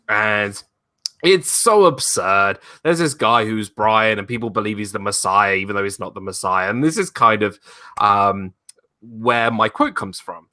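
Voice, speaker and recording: A man's voice: fairly low pitch, bright, forceful tone, no echo. A man in a casual live-stream chat who talks enthusiastically about a favorite comedy film, laughing often. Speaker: co-host.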